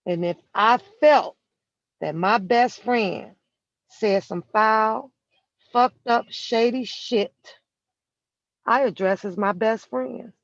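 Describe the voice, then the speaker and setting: A vlogger sits in a vehicle and delivers a heated, profane rant straight at someone. Key words get drawn out slowly for emphasis. The recording is dull and lo-fi, with a dry, close sound. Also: mid-range voice, creaky, no room sound. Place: inside a vehicle.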